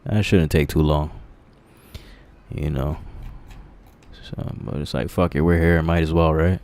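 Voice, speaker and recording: A man casually rambling on a livestream, crude and profane, laughing at his own jokes, in a dark candlelit room. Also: rumbling low, steady tone, a little slow, pauses often. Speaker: streamer.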